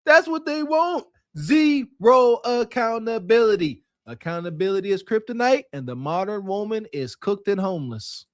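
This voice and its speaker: A man's voice: high voice, moderate pace, few pauses, no echo, studio quality. A man co-hosting a podcast, giving mocking, emphatic commentary. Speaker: podcast co-host. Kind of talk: casual commentary.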